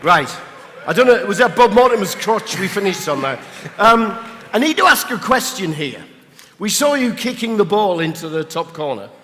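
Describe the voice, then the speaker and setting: A man hosting a live on-stage Q&A in a large hall, jokey and quick to laugh. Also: high voice, very animated, pushed and bright, a little hiss or hum. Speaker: event host.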